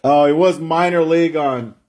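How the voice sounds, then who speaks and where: A man with a fairly high voice hosts a live card break stream. He chats in a loose, rambling way and stretches out each player's name as he reveals it. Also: normal speed, darkish tone. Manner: chatty, rambling, drawls out player names while opening packs.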